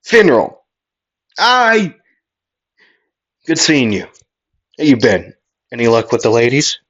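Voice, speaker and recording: A brash, cheerful young knight, as a man puts him on, greeting old friends loudly and ribbing them. The voice sits a little higher than a plain talking voice. The sound is dull and lo-fi. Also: very animated, takes it slowly, heavily acted. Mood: friendly. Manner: loud, friendly, teasing greetings.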